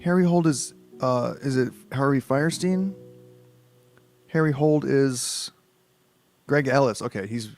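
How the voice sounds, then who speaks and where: A man's voice: mid-range voice, takes it slowly, long pauses, darkish tone. Tired man, casual stream reading, rambling, swearing, faint guitar music behind. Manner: rambling, swearing, self-mocking. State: tired late at night. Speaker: streamer reading a book aloud.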